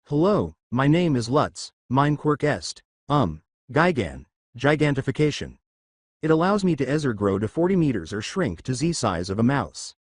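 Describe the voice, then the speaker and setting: A man puts on a German man struggling with English, halting and hesitant with a German accent. The pitch moves in a lively way. It is recorded dry and close. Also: slightly rough, dry recording.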